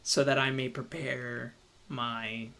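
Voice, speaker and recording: A man's voice: mid-range voice, level tone, slow pace, creaky, sharp tone. A man co-hosting a podcast in casual chat, talking hesitantly because he has the hiccups. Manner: hesitant, restarts over his sentences. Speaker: podcast co-host.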